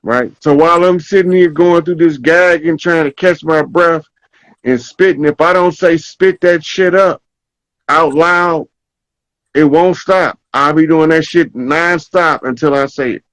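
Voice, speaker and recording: Slow-talking man telling a story. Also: on the high side, fairly bright tone, no echo, low-quality recording. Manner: slow, storytelling, checks in with "right?" often. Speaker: podcast host. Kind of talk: casual spiritual talk.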